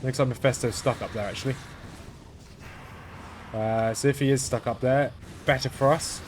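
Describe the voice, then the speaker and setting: A man hosting a let's-play, talking through his game in a flat, understated way as he thinks aloud. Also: medium pitch, a little hiss or hum. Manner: monotone, understated delivery; thinking aloud while playing. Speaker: gaming channel host.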